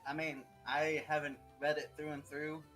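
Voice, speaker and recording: A man's voice: a little high, level tone, normal speed, a bit bright, faint music behind, poor audio. A young man chatting as a guest on a writing stream, rambling, joking and swearing freely. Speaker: guest writer. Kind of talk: casual chat.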